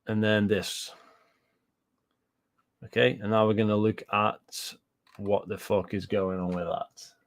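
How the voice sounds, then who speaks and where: A man's voice: fairly low pitch, level tone, slow, long pauses. A British man giving casual reaction commentary on gaming news, ranting and swearing, repeating himself and answering live chat.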